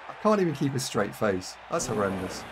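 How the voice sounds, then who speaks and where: A man's voice: mid-range voice, sing-song, a little fast, background noise. A man with a Yorkshire accent casually commentating his own game live, thinking aloud and chatting with viewers. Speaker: game streamer.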